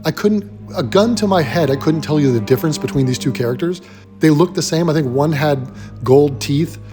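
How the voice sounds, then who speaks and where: A man delivers a blunt, sarcastic film rant in a slightly higher-than-average voice, swearing freely. He talks as a commentary host airing his verdict. Faint music sits low behind him. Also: brisk.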